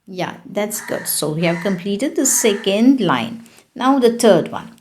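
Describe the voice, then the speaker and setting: A woman's voice: mid-range voice, expressive, a little slow, darkish tone, slight background noise. A woman teaching a French lesson online, patiently repeating answers and putting questions to her class.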